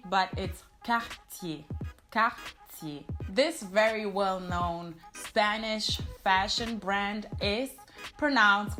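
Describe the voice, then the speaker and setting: A woman with a mid-range voice gives a pronunciation lesson, explaining patiently and saying each word again slowly. Soft music plays quietly underneath. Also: medium pitch. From German-speaking. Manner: explanatory, repeats words slowly for the viewer. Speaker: language teacher.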